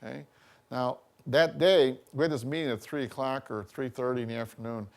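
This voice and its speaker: A man's voice: mid-range voice, fairly even intonation, fairly quick. A man giving a college workshop talk, chatty and full of anecdotes, often checking in with "you know" and "okay?". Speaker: workshop speaker.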